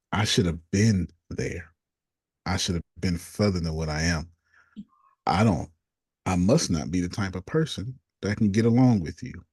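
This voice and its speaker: A man coaching a group, reading out negative self-talk statements one after another in a deliberate, casual way. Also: low-pitched, darkish tone, breathy edge, dry recording, clean studio sound.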